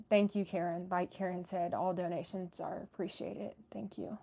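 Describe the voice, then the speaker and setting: A woman's voice: on the low side, flat delivery, moderate pace, vocal fry, hardly any pauses, dark tone, lo-fi sound. A woman hosting a live stream, chatting casually with viewers and reading their messages, with many fillers and restarts. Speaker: livestream host reading chat.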